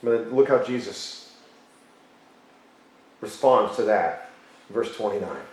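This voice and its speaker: A man preaching a sermon as pastor, emphatic, repeating key phrases and slowing down for stress. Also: fairly low pitch, a little mellow. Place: church sanctuary. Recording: very echoey church hall.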